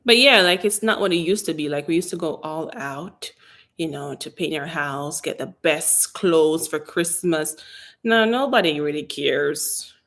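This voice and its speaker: A woman's voice: sits low, a little slow. Sassy Jamaican woman chatting on a livestream. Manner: sassy, animated, answers viewers' questions in a chatty way. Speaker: hair care channel host. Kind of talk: casual live-stream Q&A chat.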